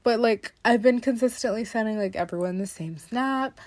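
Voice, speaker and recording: A woman's voice: on the high side, normal speed, darkish tone, dry recording. A young woman hosting a podcast, telling stories in a rambling, dramatic way and laughing often. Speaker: podcast host. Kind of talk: casual podcast monologue.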